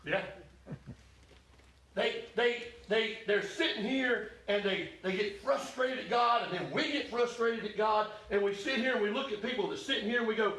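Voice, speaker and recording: High-voiced preacher in echoey church. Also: male voice, moderate pace, recorded from a distance, slight background noise. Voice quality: folksy, emphatic. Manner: voices Elijah's complaints in first person, rising to shouts. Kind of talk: sermon.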